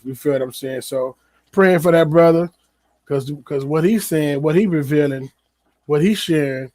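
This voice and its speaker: Male podcast host, casual solo commentary, slightly high voice, dry close sound, loose and repetitive delivery. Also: dark tone, dry recording. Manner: loose, conversational, repeats words, many fillers.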